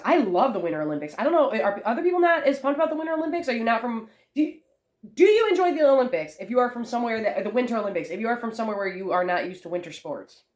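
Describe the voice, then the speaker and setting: A young woman rambling casually to camera at home, swearing freely as she chats. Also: mid-range voice. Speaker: vlogger. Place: family room at home.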